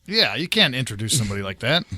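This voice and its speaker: A man's voice: medium pitch, sing-song, fast, pushed and bright, husky. A man hosting a podcast, telling wry anecdotes in casual chat. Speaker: podcast host.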